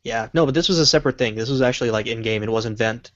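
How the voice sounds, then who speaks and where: A man's voice: mid-range voice, fast, fairly bright tone, no room sound. Rambling young man, dull lo-fi chat audio. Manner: rambling, searches for words, swears casually. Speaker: stream host reading viewer questions. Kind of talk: casual stream chat.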